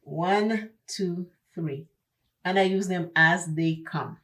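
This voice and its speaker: A beauty vlogger with an accent does her makeup while chatting in a get-ready-with-me vlog, emphatic and preachy, repeating herself for stress. Her voice is on the low side and a bit bright, and she speaks slowly.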